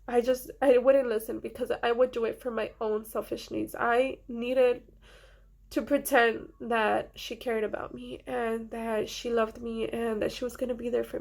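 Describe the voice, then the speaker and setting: A young woman speaks to her viewers in a fairly high voice, sharing a personal story. Her delivery is earnest and halting, full of pauses and fillers, with a quiet emotional weight. Her voice is gravelly with vocal fry, and her pitch stays flat and steady. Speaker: vlogger.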